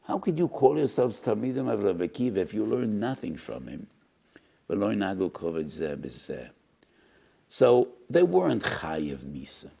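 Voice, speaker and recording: A man's voice: low voice, lively intonation, moderate pace, gravelly, mellow, slightly rough. An older man, a rabbi, giving a Torah lecture with impassioned emphasis and repeated rhetorical questions.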